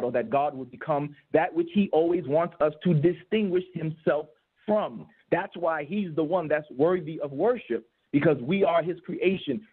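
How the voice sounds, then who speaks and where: A man's voice: a little high, breathy edge. A man giving an emphatic debate rebuttal, repeating key phrases for stress. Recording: tinny phone-line audio.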